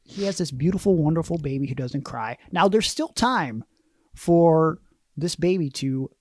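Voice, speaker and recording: Podcast co-host, male, rambling and self-deprecating, slightly higher voice, dry sound. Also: expressive, moderate pace, darkish tone, dry recording. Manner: rambling storyteller, self-mocking. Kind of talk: casual chat.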